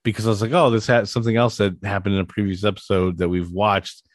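A man with a fairly low voice co-hosting a casual podcast, rambling and hesitant with lots of restarts. The sound is dry and close. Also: level tone, quick pace, dry recording. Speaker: podcast co-host. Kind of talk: casual chat.

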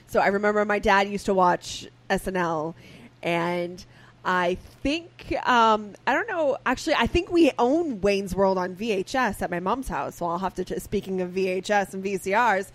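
A woman's voice: medium pitch, normal speed. A woman co-hosting a podcast, chatting casually with plenty of fillers and the odd swear. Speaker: podcast co-host. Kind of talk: casual chat.

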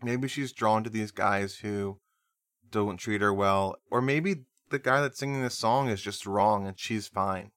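A man's voice: on the low side, unhurried, a bit bright, no room sound, clean studio sound. A man co-hosting a music podcast, chatting casually with a nasal voice, rambling and laughing easily. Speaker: podcast co-host.

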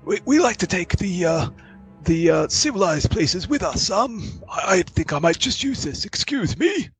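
A man voicing a fussy, posh old male professor who speaks in a prim, dithering way with a breathy falsetto. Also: sing-song, moderate pace, faint music behind.

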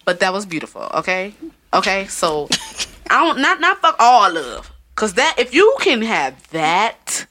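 Woman, podcast host, bright tone, lively pitch, swears and laughs freely. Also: a little slow, slight background noise. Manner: loose, profane, laughing often. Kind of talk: casual podcast chat.

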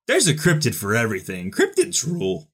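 Man, mid pitch, podcast co-host, playful and jokey, casual chat. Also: huge pitch swings, a little fast, slightly rough.

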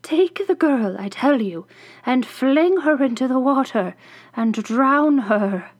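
A woman voicing a furious, scheming witch who shrieks orders and hisses low threats, in a slow storybook reading. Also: huge pitch swings, creaky, no room sound, full character voice. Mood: shrieking commands. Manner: menacing, shifts between shrill shouts and low hissing threats.

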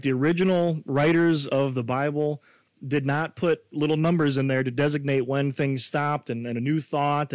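Conversational, high-voiced male preacher. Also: no room sound. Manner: conversational, animated, rhetorical questions. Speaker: pastor. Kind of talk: sermon.

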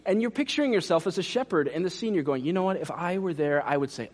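A man preaches to his congregation, his voice leaping up and down with lively expression. He talks straight to the listeners, then drops to hushed asides for emphasis. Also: on the high side, quick pace, few pauses. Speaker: pastor. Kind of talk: sermon.

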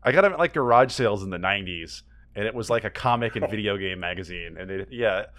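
A man co-hosting a podcast in casual chat, animated and joking, laughing a lot. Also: on the low side, fast talker. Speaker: podcast co-host.

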